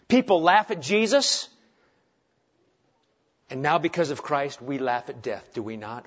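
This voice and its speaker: A middle-aged man preaching a sermon as pastor, swinging between loud urgent delivery and soft hushed tenderness. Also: on the high side, big pitch swings, unhurried, pauses often. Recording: dull lo-fi sermon recording.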